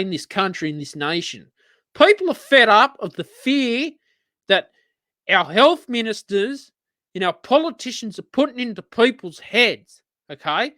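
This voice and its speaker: A man's voice: high voice, pushed and bright, no echo. An Australian man hosting a live-streamed radio-style show, ranting in an exasperated, profane way. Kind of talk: live-streamed solo rant.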